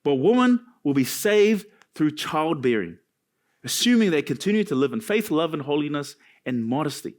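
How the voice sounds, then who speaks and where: An animated male pastor preaching a sermon in a church. His voice sits high for a man and swings widely in pitch. He breaks off into jokes and asides between his points. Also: normal speed.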